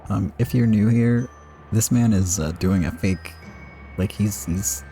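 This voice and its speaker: A man's voice: lowish voice, unhurried, dark tone, faint music behind. A man doing casual let's-play commentary and reading a game's text, with self-deprecating, rambling asides. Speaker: game streamer.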